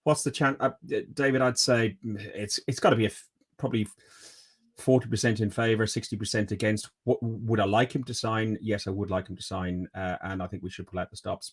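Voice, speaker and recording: A low-voiced man talking in a relaxed podcast chat. He hesitates, trails off and restarts his sentences as he thinks aloud. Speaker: podcast guest. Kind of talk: casual chat.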